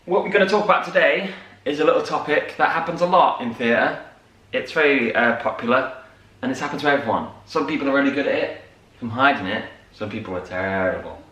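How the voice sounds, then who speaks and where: Male co-host, casual rambling storyteller, bright tone, roomy distant sound. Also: mid-range voice, fairly quick. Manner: chatty storyteller, many fillers. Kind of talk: casual morning chat. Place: home room. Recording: echoey room, mic at a distance.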